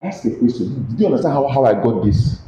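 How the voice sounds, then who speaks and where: A man's voice: medium pitch, expressive, fast talker, warm tone, echoey room, slight background noise, poor audio. A man with a Nigerian English accent teaching a physics lesson, questioning students and coaxing them to answer aloud. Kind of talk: classroom lesson with call-and-response questions.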